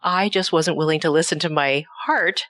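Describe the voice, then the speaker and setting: A woman host with a lowish voice talks in a chatty, personal way. The sound is dry and close, with no room echo. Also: normal speed, fairly bright tone. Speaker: talk show host. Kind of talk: casual talk show chat.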